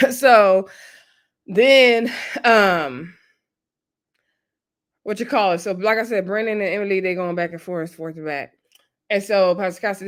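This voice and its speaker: A woman casually recapping a reality show episode, chatty and animated, laughing often and acting out what people said, with slang like "y'all". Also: on the high side. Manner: uses Southern US slang like y'all and child.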